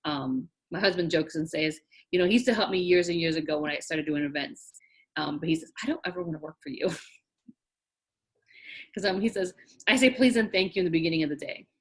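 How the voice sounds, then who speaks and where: A woman's voice: lowish voice, normal speed, pauses often, husky. Chatty woman teaching an online class. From New York. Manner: chatty, laughs often, firm and direct. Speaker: wedding planning instructor.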